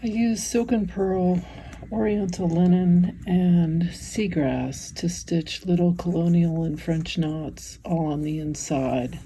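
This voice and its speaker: A woman's voice: fairly low pitch, creaky, warm tone, a little hiss or hum, rough recording. A woman teaching hand embroidery in a casual, chatty way, drifting into asides as she stitches. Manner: chatty, rambling asides while demonstrating.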